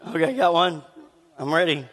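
A man preaches in a relaxed, conversational way, his voice set fairly high. His throat sounds a little scratchy. The long reverb of a large church sanctuary trails after his words. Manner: conversational preaching with a slight rasp, pauses to cough. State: scratchy voice needing a cough drop. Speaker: pastor. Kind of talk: sermon.

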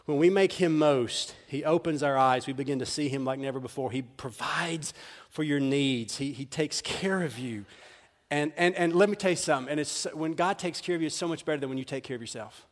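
Male pastor preaching, high voice, lively storyteller, long hall reverb. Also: fairly quick. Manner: animated storytelling, laughing often. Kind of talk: sermon.

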